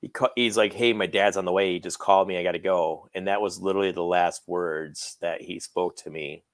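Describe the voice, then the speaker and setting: A man's voice: low-pitched, steady tone, brisk, no room sound. A middle-aged man casually telling stories about a late friend, acting out both sides of their phone calls. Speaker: guest, friend and manager recounting memories. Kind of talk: casual storytelling in a podcast chat.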